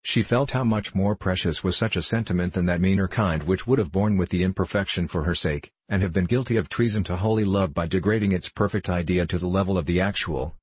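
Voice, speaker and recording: Low husky male narrator. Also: no room sound. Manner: measured, formal storytelling. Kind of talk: audiobook reading of classic fiction.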